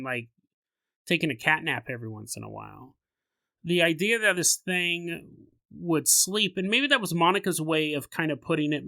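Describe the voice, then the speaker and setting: Animated male podcast host on a close mic, forceful bright tone, dry sound. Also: fairly high pitch, no echo. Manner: animated, laughs often, riffs on scenarios. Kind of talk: casual storytelling podcast.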